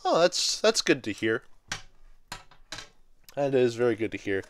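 A man of twenty rambling excitedly with many fillers while unboxing collectible figures in a casual vlog. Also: mid-range voice, a little slow, slight background noise. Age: 20s. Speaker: toy reviewer.

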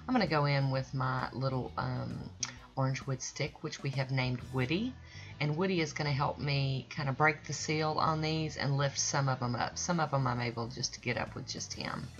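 A woman's voice: rumbling low, moderate pace. A woman hosting her own nail art channel, giving a chatty, folksy tutorial voice-over that rambles and sometimes loses its thread. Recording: dull lo-fi recording with faint music.

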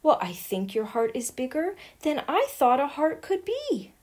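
A woman's voice: high voice, sing-song, a little slow, darkish tone, voice pushed up. A woman reading aloud and voicing a small, lonely young witch girl in a wistful, sighing storybook voice.

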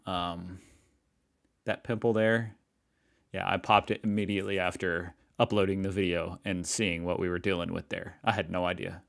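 Creaky-voiced American guy reacting. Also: on the low side, fairly bright tone. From United States. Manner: chatty, joking, laughs often. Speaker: reaction video host. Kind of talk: casual reaction commentary.

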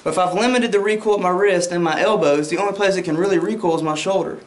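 A man's voice: high-pitched, fast, few pauses. A man teaching handgun basics as an instructor, explaining step by step, checking in with "okay?" and mimicking shots aloud. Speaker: firearms instructor. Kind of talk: demonstration lesson. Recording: roomy echo.

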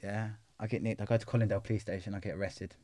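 A man's voice: on the low side, fairly even intonation, racing, mellow, no echo. A middle-aged man, telling his life story bluntly in an interview, full of swearing and street slang. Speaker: interview guest.

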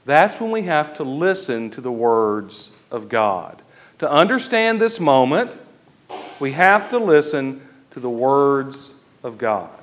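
Preaching in a church, a male Episcopal priest uses a mid-range, highly animated voice. His delivery is slow and measured, with important phrases stretched out to stress them.

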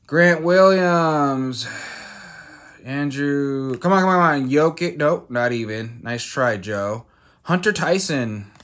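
A man opens cards on his own collecting channel, reading each card name aloud and cracking self-mocking jokes amid fillers and restarts. His voice is a little high and a bit bright, and he takes things slowly.

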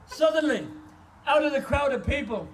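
A man's voice: very high voice, recorded from a distance, slight background noise, poor audio. A man preaching an impassioned sermon as a guest speaker, telling stories at an outdoor car park service.

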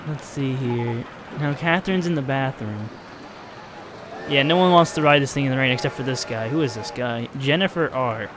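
A man streams a park-building game, his medium-pitched voice moving at a moderate pace over some background noise. His casual play-by-play swings between chatty narration and exasperated outbursts.

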